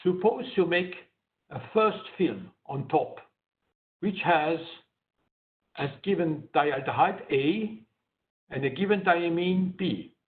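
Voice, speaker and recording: A man's voice: a little high, expressive, slow pace, long pauses. A man giving an academic science lecture, explaining his slides step by step. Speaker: guest lecturer. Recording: tinny phone-like online lecture audio.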